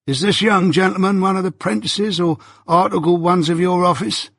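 A man's voice: high-pitched, fairly even intonation, normal speed, gravelly, no echo, clean studio sound, voice pushed up. A man doing a nosy grinning jailer. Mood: prying. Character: grinning male prison turnkey, nosy and teasing.

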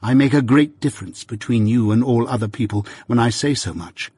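Cool detached young woman, calm even delivery, slightly husky, close dry sound, read by a man. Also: mid-range voice, a little fast, no echo. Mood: cold, calm. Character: cold, composed young woman. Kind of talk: audiobook character reading.

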